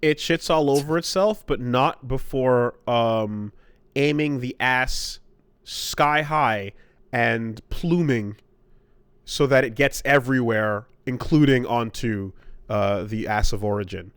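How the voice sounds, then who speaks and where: A man's voice: medium pitch, slow, a bit bright, clean tone, dry recording. A man ranting in casual podcast chat, telling a rambling, profane story. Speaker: podcast co-host.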